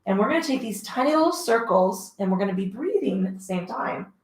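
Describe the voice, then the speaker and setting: A woman's voice: medium pitch, lively intonation, fairly quick. A woman leading a casual Pilates class, talking through each move, cueing breaths and counting reps while exercising along. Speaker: Pilates instructor. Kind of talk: casual guided workout instruction. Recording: echoey room.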